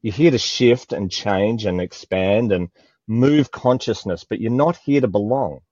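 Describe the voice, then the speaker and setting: A man's voice: fairly low pitch, a little slow, darkish tone, no echo, highs cut off. An Australian man talking emotionally in a spiritual conversation, often searching for words. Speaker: guest.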